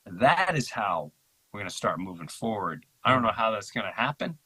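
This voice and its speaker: Husky, impassioned man in conversation. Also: on the low side, normal speed, rough recording. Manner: animated, acts out quotes in mocking voices. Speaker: podcast guest.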